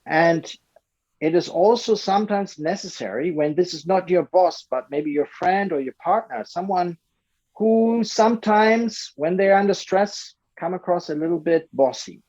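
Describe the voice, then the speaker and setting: A man coaching a group in a lively way, acting out short quoted lines as he explains. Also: high-pitched, a little slow, lo-fi sound.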